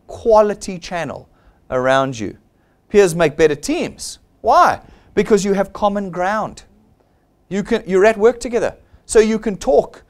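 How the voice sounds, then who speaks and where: South African male presenter, blunt and persuasive, higher pitch with a lively swing. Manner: blunt, persuasive, acts out quoted people. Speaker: seminar presenter. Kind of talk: motivational sales seminar talk.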